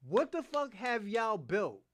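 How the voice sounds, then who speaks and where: A man's voice: sits high, sing-song, slow pace, no room sound. Heated profane man ranting, dry sound. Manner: profane, combative, repetitive; swings between loud outbursts and muttered asides. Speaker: podcast host. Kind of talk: heated livestream rant.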